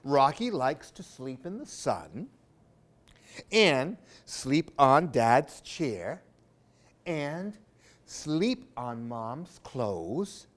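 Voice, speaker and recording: Animated man reading picture books aloud. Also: medium pitch, drawn-out words. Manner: animated, playful asides to young listeners. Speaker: library storytime reader.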